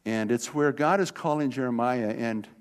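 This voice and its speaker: A man's voice: mid-range voice, moderate pace. A man in his sixties from California preaching a sermon, telling a childhood story in a conversational way and speaking directly to the congregation.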